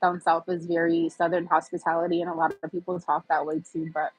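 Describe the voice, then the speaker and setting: Brisk and husky, a fairly low-pitched woman's voice holds a level tone as she hosts a casual livestream, reading comments aloud. She's in her fifties, from the US East Coast, chatty, candid and quick to laugh. The poor audio has no echo but soft background music.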